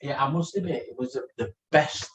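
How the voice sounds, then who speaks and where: A man's voice: medium pitch, a little fast. A man co-hosting a live chat stream, teasing and chatty as he reads out viewer comments. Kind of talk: casual chat.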